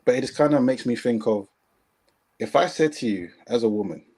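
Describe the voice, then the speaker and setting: A man in casual podcast chat, giving his opinion in a measured, emphatic way. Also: on the low side, animated, dark tone, slightly rough.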